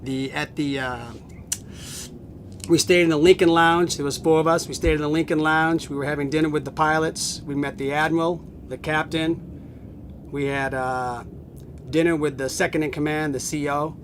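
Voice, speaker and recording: A middle-aged man casually telling a long story, animated, acting out what others said and laughing often, recorded on a home video camera. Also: on the high side, normal speed, a little hiss or hum. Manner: animated, acts out quoted voices, laughs often. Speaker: family friend telling stories.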